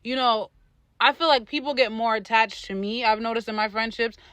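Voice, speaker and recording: Animated woman podcast co-host. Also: fairly high pitch, a little fast, dry recording. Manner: animated, slangy, laughs often. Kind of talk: casual chat.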